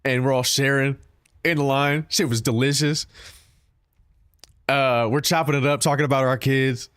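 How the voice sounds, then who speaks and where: A man's voice: mid-range voice, fairly even intonation, moderate pace, a bit bright, clean tone, no room sound, studio quality. A man streaming a game, chatting casually and profanely with his viewers, joking and talking back to chat.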